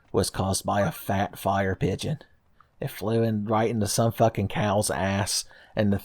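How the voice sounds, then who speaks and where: A man's voice: fairly low pitch, slight background noise. A man hosting a let's play, rambling and joking through casual gameplay commentary, swearing freely and laughing often.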